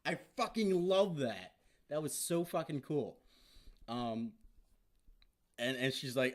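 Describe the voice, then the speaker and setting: Rambling, excitable man recapping an episode. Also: medium pitch, takes it slowly, pauses often. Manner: excited, rambling, heavy swearing and filler words. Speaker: vlogger reviewing an episode.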